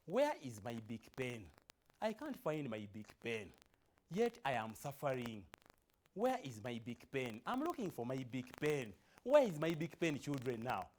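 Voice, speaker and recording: A man's voice: mid-range voice, very animated, unhurried, a little mellow, slight background noise. A man reciting a poem in the voice of an imprisoned father, asking plaintively over and over for his pen. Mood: searching. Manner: plaintive, repetitive searching questions. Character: worried imprisoned father longing to write home.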